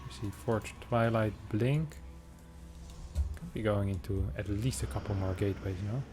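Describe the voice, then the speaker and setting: Male esports caster with a lowish voice, casual and joking, quick reactions, soft music underneath. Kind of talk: casual game commentary.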